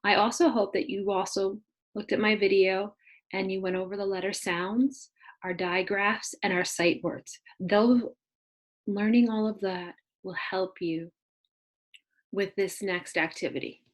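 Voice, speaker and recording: Young female kindergarten teacher, video phonics lesson, slow, exaggerated letter sounds. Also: mid-range voice, fairly even intonation.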